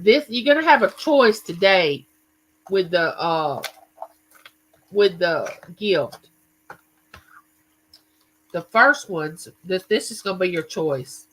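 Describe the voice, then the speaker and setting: A man hosts a casual livestream, chatting away and greeting his viewers by name. His voice is bright and forceful, and he keeps things conversational as he tells his stories. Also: high voice, rough recording. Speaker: livestream host.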